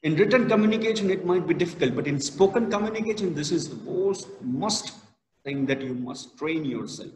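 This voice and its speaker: A male college lecturer gives a classroom lesson, talking slowly and leaning hard on key words. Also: fairly high pitch, animated. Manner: slow, emphatic, stresses key words. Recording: echoey hall, reverberant.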